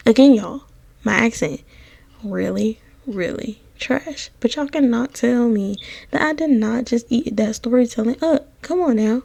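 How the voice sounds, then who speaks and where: A woman's voice: on the high side, measured pace, vocal fry, darkish tone, no room sound. A young woman giving casual gameplay voiceover commentary, sassy, slangy and dramatic, talking straight to her viewers. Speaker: gaming content creator. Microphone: close voiceover mic.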